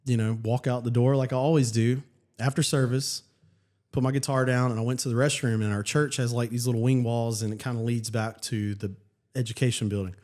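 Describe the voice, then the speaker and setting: Pastor, male, mid-pitched, earnest halting testimony. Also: steady tone, a little mellow. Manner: earnest, halting, many restarts. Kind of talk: personal testimony in casual chat.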